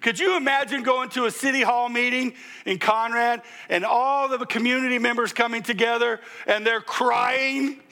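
An older male pastor preaching a sermon, joking and animated, calling out to the congregation and now and then breaking into loud exclamations. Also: extremely high pitch, moderate pace, hardly any pauses.

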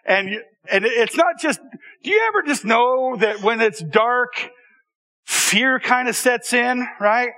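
Storyteller, male, high bright voice, chatty and animated with audience asides. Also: slow. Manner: animated, conversational, with repeated restarts and audience asides. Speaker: speaker telling a personal story to an audience. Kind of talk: storytelling talk.

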